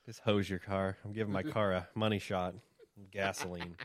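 A man's voice: deep voice, flat delivery, normal speed. A man co-hosting a casual podcast, rambling and profane, often restarting his sentences. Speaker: podcast co-host.

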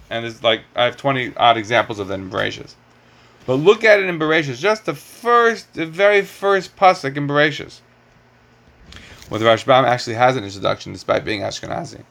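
A man's voice: mid-range voice, a bit bright. A middle-aged man teaching a Torah class, lecturing with rhetorical questions and lots of Hebrew terms.

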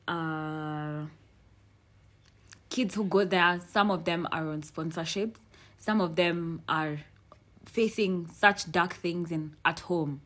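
A young woman, hosting a podcast in frank, animated casual chat and swearing freely. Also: deep voice. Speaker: podcast host.

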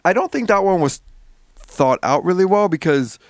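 A man recapping a story in casual chat, animated and swearing freely. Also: high-pitched, moderate pace, no room sound, studio quality. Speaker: podcast co-host.

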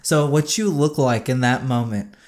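A man's voice: medium pitch, normal speed, crowd noise. A man co-hosting a casual podcast, joking and laughing as he talks. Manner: jokey, laughing, trails into silly voices. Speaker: podcast co-host.

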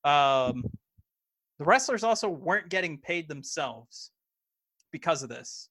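Chatting casually on a wrestling podcast he co-hosts, this man speaks at a measured pace in a high-leaning, animated voice that comes across pushed and bright. His delivery is hesitant and full of fillers and false starts, and the recording is dry.

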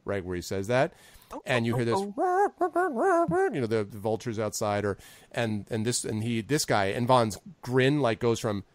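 A man's voice: on the low side, moderate pace, no room sound. A man narrating as game master in a tabletop game, hesitant and full of restarts. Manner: hesitant, full of fillers and restarts while describing scenes.

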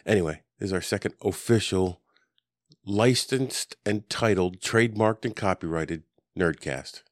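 Over a desk podcast mic, a man with a low-pitched voice hosts a laid-back podcast conversation at a measured pace. He wanders off topic, cracks jokes, and says "um" a lot. The sound is studio quality with no echo.

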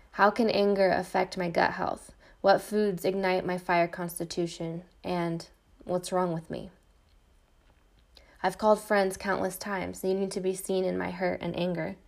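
Brief: middle-aged woman host, gravelly voice, intense monologue with repeated refrains. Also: lowish voice, darkish tone. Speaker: podcast host. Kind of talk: personal monologue, read from a script.

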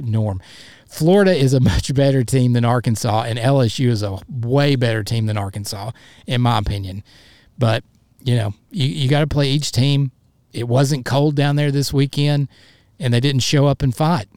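A man's voice: medium pitch, darkish tone, dry recording. A man hosting a solo sports podcast, talking in a frustrated, fired-up way with stammering restarts.

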